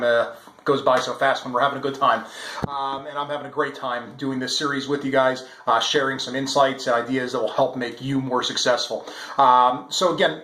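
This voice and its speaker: A man's voice: mid-range voice, fairly bright tone, echoey room. A man giving a daily sales coaching talk, upbeat and encouraging, with frequent filler words.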